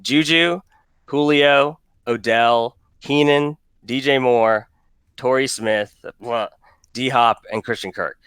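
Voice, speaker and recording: A man's voice: medium pitch, slow, a bit bright, clean tone, no room sound. A man co-hosting a podcast in a casual, joking chat that rambles with restarts. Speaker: podcast co-host. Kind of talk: casual fantasy football chat.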